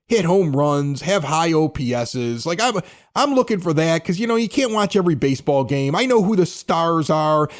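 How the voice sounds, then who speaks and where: Sex: man. Role: sports podcast co-host. Style: casual chat. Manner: rambling and laughing, with a lively pitch that sits on the high side. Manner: rambling, restarts, laughs a lot.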